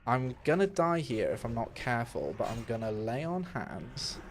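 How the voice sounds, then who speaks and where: A young streamer chats while playing a game from his home setup, talking in a candid, rambling manner with plenty of fillers and restarts. His medium-pitched voice is sing-song at a normal speed, with slight background noise on this casual live stream.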